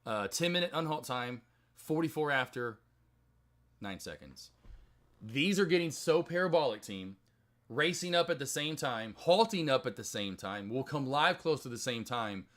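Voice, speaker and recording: A young man runs a live stock trading stream and talks casually to his viewers. His voice is bright and punchy, and his rambling chatter keeps breaking into excited, loud outbursts. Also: on the high side. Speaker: stock trading livestream host.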